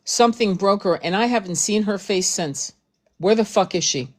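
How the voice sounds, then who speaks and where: A woman's voice: medium pitch, moderate pace. Host, woman; heated casual commentary, blunt, profane, repetitive emphasis.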